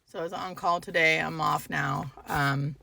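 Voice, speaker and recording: A young adult woman, a hospice nurse, talking tearfully to the camera from her parked car, halting and fighting back tears. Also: deep voice, fairly even intonation, gravelly, bright, forceful tone, slight background noise. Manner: halting, emotional, restarts with fillers. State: tearful, holding back crying. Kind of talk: emotional vlog, talking to camera.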